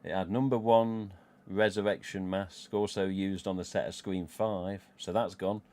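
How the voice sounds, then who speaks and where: A man's voice: low voice, steady tone, measured pace, a little mellow. Rambling Midlands man on a live stream. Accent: English Midlands. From England. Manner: rambling, chatty, swears freely, chuckles to himself. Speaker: livestream host. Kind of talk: casual live-stream chat.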